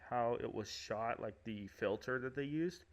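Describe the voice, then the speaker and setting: Casual and loose, this man with a Michigan accent talks at an ordinary middle pitch. He rambles through his points with fillers and laughs a lot as he co-hosts a podcast. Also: a little slow. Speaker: podcast host. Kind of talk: casual chat.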